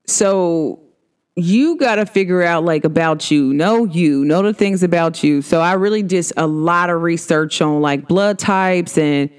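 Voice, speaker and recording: A woman's voice: lowish voice, unhurried, clear, resonant tone. A woman in her thirties hosting her own vlog, chatting casually, playful and laughing often. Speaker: vlog host.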